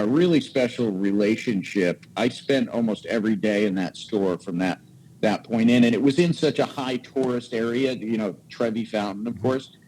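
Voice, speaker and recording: A man in his forties with a low, deep voice, telling a story on a podcast in a loose, casual way. He gets animated and acts out the voices of the people in his stories. A faint room ambience sits behind him. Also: slight background noise, rough recording. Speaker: podcast guest, cigar maker.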